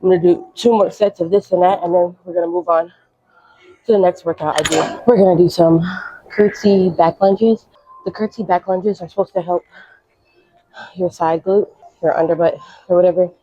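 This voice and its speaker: A woman's voice: fairly low pitch, fairly even intonation, moderate pace, long pauses, warm tone, no echo. Young woman fitness vlogger, slangy, out of breath, dull lo-fi. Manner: chatty, coaching, slangy. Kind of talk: casual workout instruction.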